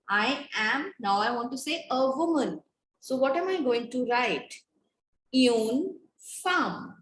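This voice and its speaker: Brief: woman teacher, slow and measured, slightly high voice, echoey classroom. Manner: slow, patient, repeats and quizzes students. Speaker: French teacher. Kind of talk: classroom lecture. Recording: echoey room with faint noise.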